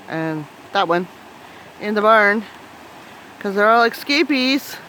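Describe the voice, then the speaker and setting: A woman vlogs outdoors on a flooded farm, chatting to the camera in casual narration and jokingly grumbling at her animals. Her medium-pitched voice is animated, bright, and forceful. The low-quality recording carries outdoor noise and the rush of a running creek.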